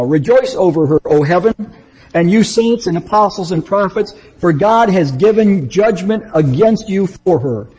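A man with a dark, mellow and deeply husky voice that sits a little high for a man. He works through a Bible book verse by verse, reading each passage aloud and then explaining it. His talk is plain and unscripted, full of restarts and small self-corrections. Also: poor audio. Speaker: Bible teacher.

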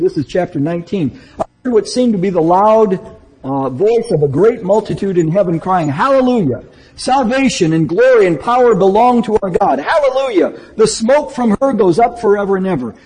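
A man's voice: on the high side, warm tone, husky, poor audio. A man teaching verse by verse through a Bible book, reading passages aloud and then explaining them, often restarting his sentences.

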